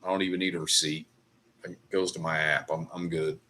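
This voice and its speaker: A man's voice: low-pitched, flat delivery, a little fast, sharp tone, a little hiss or hum. A middle-aged man hosting a livestream, chatting casually over whiskey in a rambling, profane ranting way. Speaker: livestream host. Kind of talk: casual chat while drinking whiskey.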